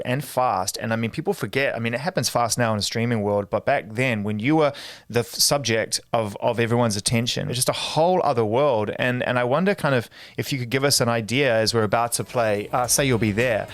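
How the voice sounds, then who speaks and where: A man's voice: mid-range voice, a bit bright. A man interviewing a pop star in an enthusiastic, rambling way, with a New Zealand accent. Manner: enthusiastic, rambling, quick asides. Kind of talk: casual interview chat.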